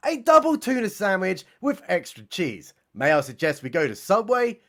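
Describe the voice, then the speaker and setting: A man's voice: high-pitched, wildly swooping pitch, normal speed, a bit bright, full character voice. A man voicing a sly male hunger demon that tempts with food, in a coaxing, persuasive way.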